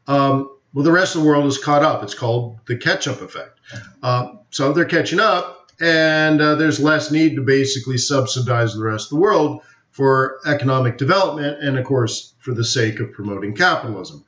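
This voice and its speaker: This live forex webinar host talks at a moderate pace in a mid-range, slightly bright voice. He rambles casually, jokes, shares opinions, and uses many fillers, all through roomy, dull lo-fi stream audio.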